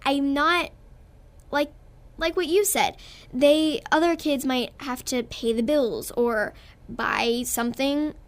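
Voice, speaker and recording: A woman's voice: sits high, slow. A young girl from Texas with a Texan accent, a guest actress in a radio interview, talking in a bubbly, earnest way and giggling often. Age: child.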